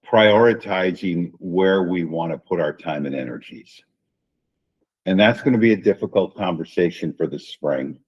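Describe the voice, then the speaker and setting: Deep, husky male administrator, folksy board-meeting delivery, lo-fi room audio. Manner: folksy, repeats phrases, says "right?" often. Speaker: school district administrator. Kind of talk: school board workshop remarks.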